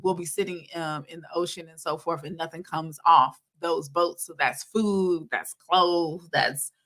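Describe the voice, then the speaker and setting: A woman co-hosting a casual faith and news chat, relaxed and talking straight to her listeners. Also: sits low, measured pace. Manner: relaxed, talks straight to listeners, often says y'all. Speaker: co-host of a weekly faith and news show.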